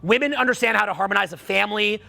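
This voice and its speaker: Man, middle-aged, seminar coach; blunt, profane, prone to heated outbursts; high voice. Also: very fast, vocal fry, pushed and bright. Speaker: dating and social skills coach. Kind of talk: seminar talk to a live audience.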